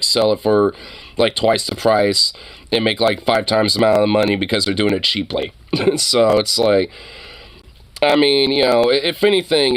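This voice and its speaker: A man's voice: on the low side, a bit bright. A young adult man chatting casually on a livestream, rambling with lots of fillers and casual swearing. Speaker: streamer.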